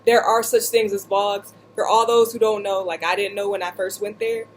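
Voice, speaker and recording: A woman vlogger seated indoors, casually telling a story in an animated, joking way with lots of asides. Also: mid-range voice, moderate pace, slight background noise, poor audio.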